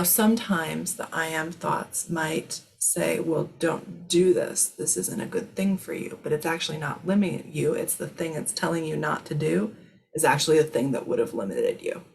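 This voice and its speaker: Gravelly low-voiced woman, soothing spiritual talk. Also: slight background noise. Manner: soothing, reassuring, drifts into soft whispers. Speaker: spiritual channeler and healer answering questions. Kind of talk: live spiritual Q&A.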